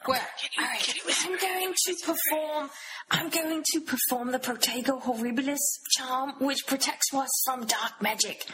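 A woman's voice: high voice, a little slow, bright, forceful tone. A woman playing in a tabletop role-playing game, drawing out her words playfully. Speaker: player.

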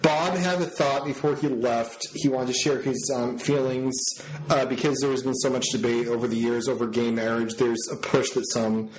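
A man hosting a podcast, slightly hoarse, telling stories in casual chat and laughing easily. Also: mid-range voice, fairly even intonation, moderate pace, low-quality recording. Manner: chatty, storytelling, laughs easily. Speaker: podcast host.

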